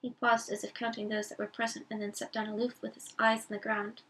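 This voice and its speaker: A woman reading a bedtime story aloud in a calm, unhurried way. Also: fairly high pitch, breathy edge. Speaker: reader. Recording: voice from a distance.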